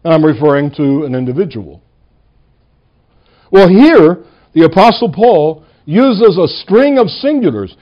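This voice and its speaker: A man, a pastor, preaching a sermon in a church, stressing single words and slowing down on key lines. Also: on the high side, expressive, lo-fi sound.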